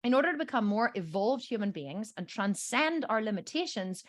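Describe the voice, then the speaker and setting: A woman's voice: fairly high pitch, very animated, moderate pace, no echo, studio quality. Emphatic woman host telling a story. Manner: acts out quoted voices in her stories. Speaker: podcast host and coach; mother. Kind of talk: storytelling monologue.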